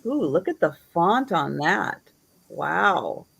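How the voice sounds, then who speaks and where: A woman hosting a live online sale, showing items slowly and admiringly and counting down the bidding. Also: on the low side, sing-song, vocal fry, fairly bright tone, slightly rough. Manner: slow, admiring, auctioneer-style counting.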